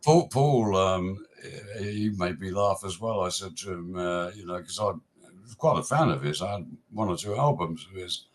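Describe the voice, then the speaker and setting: An English man with a slightly low voice tells stories from his career in a relaxed interview. He chuckles often and retells old conversations in an easy, anecdotal way. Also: normal speed. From England. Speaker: guest musician. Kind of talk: casual storytelling interview.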